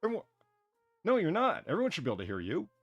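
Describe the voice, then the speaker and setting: A man hosting a casual podcast chat, profane and excitable, who laughs a lot. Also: on the high side, rapid-fire, no echo, dull audio, soft background music. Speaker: podcast host.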